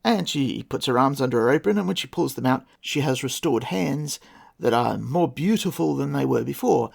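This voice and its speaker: A man's voice: mid-range voice, animated, normal speed, creaky, darkish tone. A man casually retelling an old folktale with wry, sarcastic asides as a podcast host. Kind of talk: casual storytelling with commentary.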